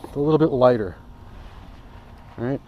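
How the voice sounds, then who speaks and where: Rambling, excitable man showing off camping gear. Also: medium pitch, moderate pace, a little hiss or hum, low-quality recording. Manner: enthusiastic, rambling, self-interrupting. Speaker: outdoor gear reviewer. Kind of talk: casual gear demo vlog. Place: outdoors by a hammock among trees.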